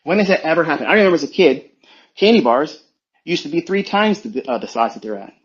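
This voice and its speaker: A man, a trading mentor, giving a forceful motivational rant full of swearing and rhetorical questions. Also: fairly high pitch, expressive, fast talker. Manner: forceful, profane, preachy. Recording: dull lo-fi sound.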